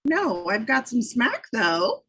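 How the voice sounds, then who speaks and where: Female reader for heavy-lidded sidekick, husky, deadpan nagging. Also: a little high, slow pace, full character voice. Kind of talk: amateur script table read.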